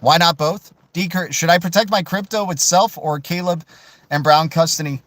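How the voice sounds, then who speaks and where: A man hosting a casual crypto livestream, answering viewer questions in an animated, emphatic way and tossing in "dude" and "man". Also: on the high side, normal speed, no room sound. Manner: animated, peppers speech with "right?", "dude" and "man"; emphatic, swears mildly for emphasis.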